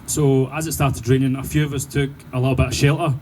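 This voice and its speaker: A man with a Glaswegian accent doing sweary, animated stand-up storytelling and laughing through his punchlines. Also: medium pitch, fast, slight background noise, rough recording. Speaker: stand-up comedian.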